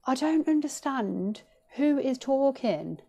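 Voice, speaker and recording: A woman's voice: high voice, animated, takes it slowly, vocal fry, dark tone. Chatty woman playing a game. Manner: chatty, musing to herself. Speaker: let's play gamer. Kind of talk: casual gameplay commentary.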